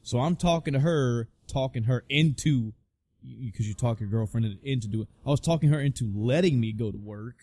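A man's voice: mid-range voice, a little fast, dark tone, no echo. A man casually telling a personal story, swearing freely and restarting his sentences often. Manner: profane, rambling with frequent restarts. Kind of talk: casual spoken anecdote.

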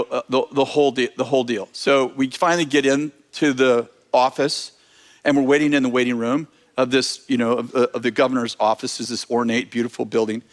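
Animated storytelling preacher, man. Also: medium pitch. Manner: animated, self-correcting anecdote telling. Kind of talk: storytelling sermon.

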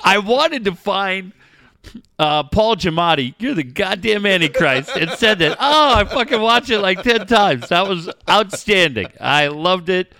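A man's voice: high voice, animated, normal speed, few pauses, sharp tone. A middle-aged man co-hosting a show, telling profane stories with frequent laughter in casual chat. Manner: profane, storytelling, laughs often. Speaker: podcast co-host.

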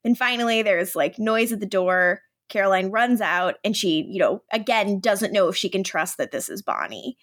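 A young woman co-hosting a podcast, recapping a TV episode in an animated, casual way that is full of "like". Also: medium pitch, moderate pace, hardly any pauses. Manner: animated storytelling, acts out quoted lines, frequent "like". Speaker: podcast co-host.

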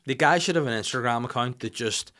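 A middle-aged man, hosting a podcast and telling comic stories in an animated, sweary way. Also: medium pitch, fast. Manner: animated, acts out the people in his stories, swears. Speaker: podcast host. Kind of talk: comic storytelling rant. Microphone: studio mic.

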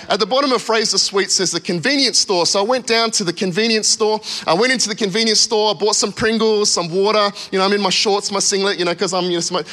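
A man in his thirties preaching in a church, telling a story with lively acted-out voices before a sermon. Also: sits high. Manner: animated storyteller, acting out voices. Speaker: pastor. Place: church hall.

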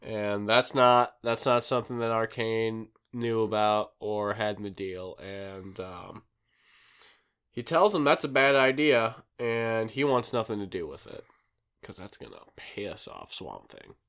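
A podcast host recaps an episode in a rambling, casual chat full of fillers. He speaks unhurriedly in a fairly low voice with a clean, fairly bright tone.

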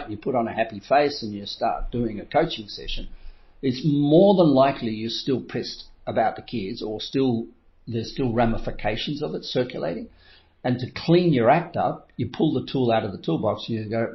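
This middle-aged man coaches through a motivational talk in a brisk, mid-range voice. Through a somewhat dull lo-fi recording, you hear him telling stories, playing out his inner voice, and chuckling again and again.

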